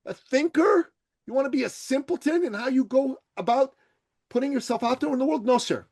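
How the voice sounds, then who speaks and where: A podcast guest, a man who grew up in Iran, speaks plainly with no accent. His voice sits high for a man, and he talks bluntly, with strong opinions and frequent swearing, dropping to quiet asides between louder stretches. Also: fairly quick, slightly rough. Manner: blunt, swears freely, shifts from loud to quiet. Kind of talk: forceful opinionated interview talk.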